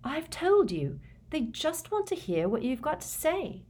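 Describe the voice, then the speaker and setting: A woman voicing an anxious, bossy teenage girl in a storybook reading, brisk and reassuring. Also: fairly high pitch, big pitch swings, voice pushed up. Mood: soothing.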